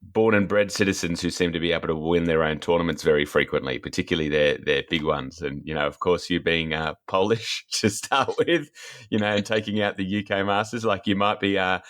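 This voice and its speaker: A man's voice: sits low, brisk, fairly bright tone. A man hosting a podcast interview, rambling and jokey. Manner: rambling, jokey, many fillers. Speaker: podcast host. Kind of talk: casual interview chat.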